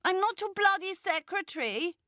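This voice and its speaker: A woman reading aloud, voicing a brash, self-absorbed woman who talks loudly and demands attention. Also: sits high, sing-song, unhurried, no echo, clean studio sound, voice pushed up. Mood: indignant. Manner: loud, cursing, demanding. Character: brash, pushy middle-aged woman, self-absorbed novelist.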